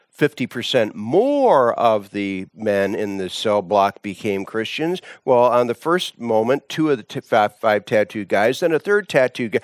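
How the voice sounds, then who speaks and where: A man's voice: mid-range voice, no room sound, clean studio sound. A man preaching a sermon, telling a story with dramatic swings in his voice.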